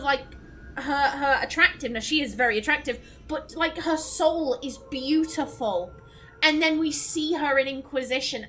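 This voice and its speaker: A woman's voice: high-pitched, sharp tone, a little hiss or hum, rough recording. A woman streamer giving casual let's-play commentary, rambling and emphatic with many restarts. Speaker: gaming streamer.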